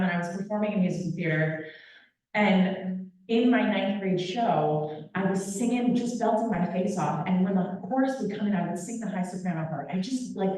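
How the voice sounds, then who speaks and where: Woman, young adult, guest speaker, animated and playful, talking to a crowd, handheld mic, big reverberant hall, a bit far off. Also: medium pitch. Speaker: guest speaker, opera company vice president. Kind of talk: lively public talk to an audience. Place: large echoey hall. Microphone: handheld microphone. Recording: very echoey hall, picked up from a distance.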